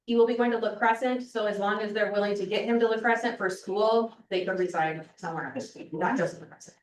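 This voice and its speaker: Brief: woman meeting leader, brisk, organized, distant roomy recording. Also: medium pitch. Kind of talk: meeting announcements. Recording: echoey room, distant mic.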